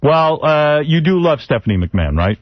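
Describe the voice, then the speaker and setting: Man, radio host, brash, teasing, lively swings in pitch, dry dull studio sound. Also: moderate pace, no echo. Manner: brash, teasing, needling the caller. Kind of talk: radio talk show banter.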